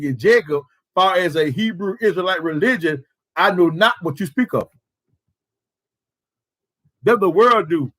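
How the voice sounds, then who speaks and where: High-voiced emphatic man preaching. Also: a bit bright. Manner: emphatic, rhetorical questions, colloquial. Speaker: preacher leading prayer service. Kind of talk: sermon.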